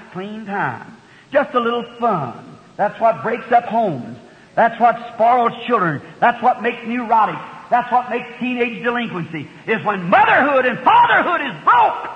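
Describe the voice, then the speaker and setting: A man in his fifties preaching a sermon, telling folksy stories and breaking into loud, fervent outbursts. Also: high voice, sing-song, unhurried. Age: 50s. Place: large church hall. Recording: dull old recording in a reverberant hall.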